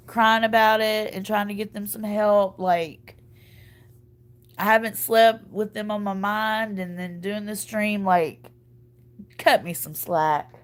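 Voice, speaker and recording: A woman hosting a casual livestream chat, tired from crying and little sleep, laughing and stumbling over words. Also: medium pitch. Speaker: livestream host.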